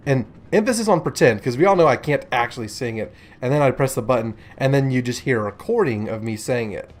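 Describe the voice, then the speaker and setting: A man's voice: mid-range voice, brisk. A man casually commentating a warship gameplay video, chatty and joking with rambling asides.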